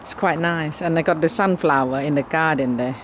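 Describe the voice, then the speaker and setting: A woman's voice: low-pitched, brisk, noisy background. A Thai-accented woman, a native Thai speaker, giving a chatty tour of her home garden outdoors in simple broken English. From Thailand. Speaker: gardening vlogger.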